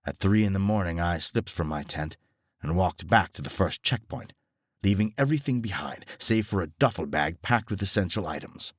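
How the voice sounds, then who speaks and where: A man reading a scripted horror story in a steady, grave storytelling manner. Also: sits low, moderate pace, husky, no echo, clean studio sound. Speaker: narrator.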